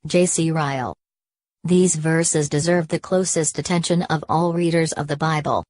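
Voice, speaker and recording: Woman with a deep voice, dry recording, steady formal read of religious commentary. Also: no room sound. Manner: measured, even reading. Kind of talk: formal reading of an old commentary.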